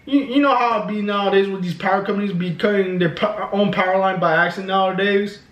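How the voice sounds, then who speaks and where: A man's voice: sits high, fairly even intonation, fast talker, a bit bright. A man telling a story in a casual, profane, filler-heavy way, filmed at home. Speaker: vlogger. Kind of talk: storytime vlog. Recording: echoey room.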